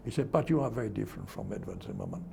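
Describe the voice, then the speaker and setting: A man's voice: lowish voice, huge pitch swings, racing, creaky, a little mellow, a little hiss or hum. An older man, a television presenter, reminiscing in an interview and telling anecdotes with chuckles, acting out the voices of people he quotes. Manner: chuckling storyteller who acts out quoted voices.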